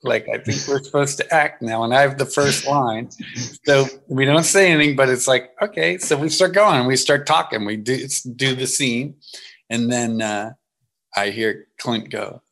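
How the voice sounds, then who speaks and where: A man's voice: medium pitch, measured pace. A man, an actor guest in an interview, telling anecdotes with laughs and acted-out quotes. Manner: animated, laughing, acts out quotes.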